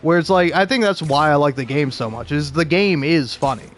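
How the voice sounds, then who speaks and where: A man's voice: on the high side, a little fast, a little hiss or hum. A young man talking casually about video games, rambling with lots of fillers and frequent laughs. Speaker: video game commentator.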